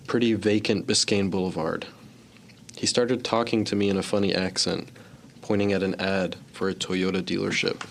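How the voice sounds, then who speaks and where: A man's voice: deep voice, slight background noise. Amused man in his thirties reading a story. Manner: relaxed, amused, slips into laughter. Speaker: guest storyteller.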